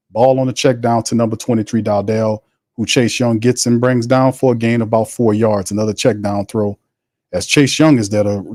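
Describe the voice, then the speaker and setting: A man's voice: on the low side, a little mellow, no room sound, studio quality. A man hosting a live football watch party, calling the plays, reading viewer messages and trash-talking. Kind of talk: live play-by-play and chat reading.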